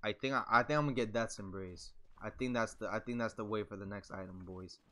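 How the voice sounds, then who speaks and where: A young man commentating his own video game match live, excitable and laughing, swearing and trash-talking as he plays. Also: on the low side, fast. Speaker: gaming streamer.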